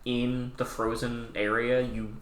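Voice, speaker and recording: A young man co-hosting a casual podcast, talking in an animated way, swearing and slipping into quick quoted voices. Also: mid-range voice, echoey room. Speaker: podcast co-host. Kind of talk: casual chat.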